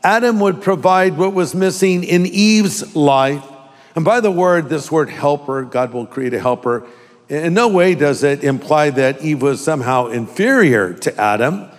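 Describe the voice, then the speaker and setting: High-voiced joking preacher in a reverberant hall. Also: male voice, animated. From California. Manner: humorous, with joking asides and quick impressions. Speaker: pastor. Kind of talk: sermon.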